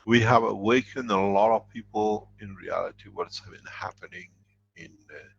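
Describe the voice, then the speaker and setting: Gravelly low man, halting lecture. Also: fairly even intonation, fairly bright tone, muffled recording. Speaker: foundation leader answering questions. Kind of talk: lecture with questions and answers.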